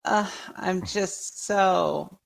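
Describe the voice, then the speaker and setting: A woman's voice: lowish voice, vocal fry, dry recording, exaggerated voice, poor audio. A woman doing a whiny, dithering man. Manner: drawn-out whining, sighing and dithering. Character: whiny indecisive man fretting about buying.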